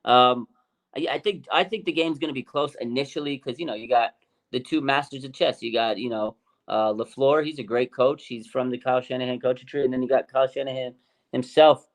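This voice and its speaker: A man co-hosting a fan show, talking excitedly and repeating names for emphasis, his voice climbing high and loud as he gets worked up. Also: brisk. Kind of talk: excited casual sports talk.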